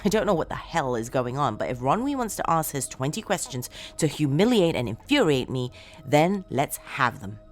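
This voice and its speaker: A woman tells a first-person horror story with dramatic, expressive delivery, dropping to hushed tones and rising to shouts. Her pitch is lively and moves a lot. Soft music plays faintly under her voice. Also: moderate pace.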